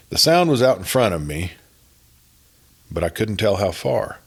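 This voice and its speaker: A man narrating a spoken story in a folksy, unhurried way. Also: deep voice, lively intonation, creaky, breathy edge. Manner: folksy, unhurried, starts sentences with "well".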